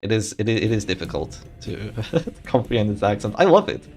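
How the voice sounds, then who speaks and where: A man streaming a tournament and commentating live in a chatty, animated way, thinking aloud and restarting his sentences. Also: lowish voice, fairly quick, faint music behind. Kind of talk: casual live game commentary.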